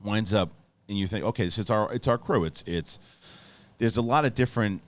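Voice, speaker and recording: Speaking briskly with a fairly low pitch, a man hosting a movie review show rambles excitedly through a spoiler-filled review. He swears a lot and often restarts his sentences.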